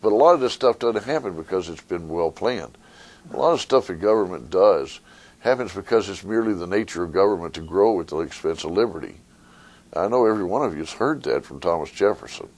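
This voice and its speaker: A man, an attorney, giving a conversational talk to a live audience, sometimes acting out a fable with lively voices. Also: sits low, fairly quick. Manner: conversational, retells a fable with rising animated voices. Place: meeting room with an audience.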